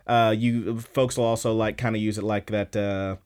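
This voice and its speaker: A man's voice: fairly low pitch, flat delivery, normal speed, darkish tone, clean tone. Man rambling through a casual recap. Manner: rambling with many fillers and restarts. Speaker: podcast host.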